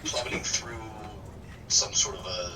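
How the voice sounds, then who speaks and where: A man player voicing a sheepish adult male adventurer in a tabletop role-play, telling his story in a halting way full of pauses. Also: low-pitched, steady tone, voice pushed down. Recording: distant mic with background noise.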